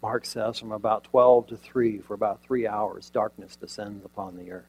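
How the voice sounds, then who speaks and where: A man preaching a sermon, retelling a scene dramatically with rhetorical questions and sudden shifts from loud emphasis to near quiet. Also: lowish voice, steady tone, moderate pace, slightly rough, rough recording.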